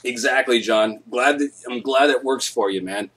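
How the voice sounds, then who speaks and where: Husky male streamer, casual, swears a lot, rambling jokey storyteller. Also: mid-range voice, moderate pace, fairly bright tone. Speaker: live stream host.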